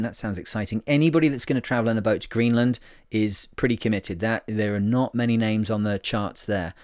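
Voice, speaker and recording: Guy doing a solo podcast, loose and jokey, mid-pitched voice, dry sound. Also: dry recording. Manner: rambling and jokey, with many fillers and self-mocking asides. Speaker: podcast host. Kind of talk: casual solo podcast monologue.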